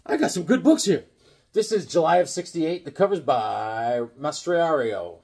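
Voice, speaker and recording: This middle-aged collector has a fairly high, sing-song voice that is gravelly, darkish and breathy, delivered at normal speed. Vlogging a casual show-and-tell of his comics, he rambles and slips into jokey stories.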